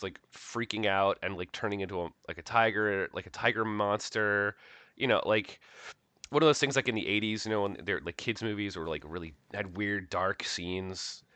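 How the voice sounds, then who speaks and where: A man in an improvised comedy chat who hypes the pitches with enthusiasm and rambles with many likes. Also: pushed and bright, dry recording.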